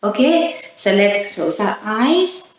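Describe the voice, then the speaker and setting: Woman teacher reading a storybook to small kids, unhurried and coaxing, with a strong room echo. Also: medium pitch, lively intonation. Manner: slow, gentle, coaxing, asks children questions. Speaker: children's teacher. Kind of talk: storytime and calming exercise for young children. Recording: very echoey room.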